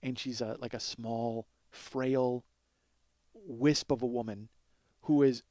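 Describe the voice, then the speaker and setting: A man's voice: mid-range voice, steady tone, slow pace, a little mellow, no echo. A man in his forties, hosting a podcast, tells a comic story in a profane, self-mocking, ranting way. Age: 40s. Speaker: podcast host. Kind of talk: comedic storytelling monologue.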